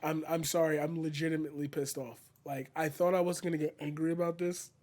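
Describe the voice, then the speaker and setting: A man's voice: on the high side, little pitch movement, fairly quick, darkish tone, no room sound. A man live streaming a reaction to a video, ranting angrily and swearing often, repeating himself as he vents. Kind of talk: angry reaction commentary.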